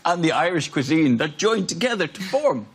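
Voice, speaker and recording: A man on a comedy panel delivering short, drawn-out quips. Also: fairly high pitch, very animated, a little hiss or hum.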